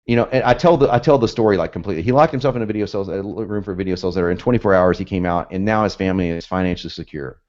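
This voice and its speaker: In dull, lo-fi audio, a man teaches copywriting with a low, darkish voice, talking rapid-fire with few pauses. His instructional style is casual and chatty, full of laughter and acted-out quotes.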